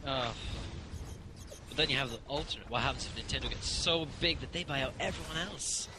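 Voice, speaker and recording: A man co-hosting a gaming stream and adding quiet, offhand remarks. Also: mid-range voice, brisk, background noise. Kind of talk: casual gaming chat.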